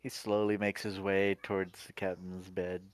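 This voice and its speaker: Low-voiced man at a tabletop game. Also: normal speed, dry recording. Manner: relaxed, describes his character's actions. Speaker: player.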